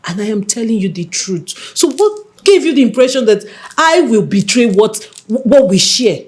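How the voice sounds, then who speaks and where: A coaxing young princess. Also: female voice, fairly high pitch, sing-song, normal speed, a little mellow. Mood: defensive. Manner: soothing, coaxing. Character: young village princess reassuring her jealous lover. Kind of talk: Nollywood film acting. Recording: film scene with music underneath.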